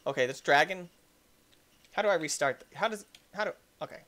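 A man hosting a let's-play, giving jokey, excitable commentary and yelling at the game. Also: on the high side, fairly quick. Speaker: gaming channel host.

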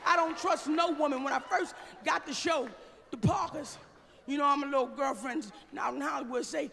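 A woman doing a live stand-up set, brash and profane, shouting her punchlines at the crowd. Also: high voice, normal speed, gravelly. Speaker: stand-up comedian. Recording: live stage show in a large hall with a loud audience.

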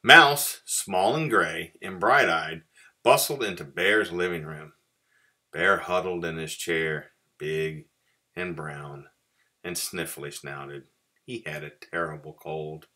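A man, a pastor, reading a story aloud to children with expressive storytelling. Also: low voice, slow.

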